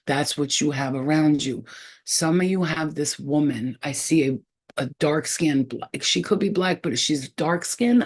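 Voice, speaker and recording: A woman's voice: deep voice, darkish tone, slightly rough. A woman giving a spiritual reading straight to camera in a casual, blunt and profane way. She repeats points for emphasis and stops often as she sounds out names she says she is receiving. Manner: halting, trailing off while sounding out names. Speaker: psychic reader.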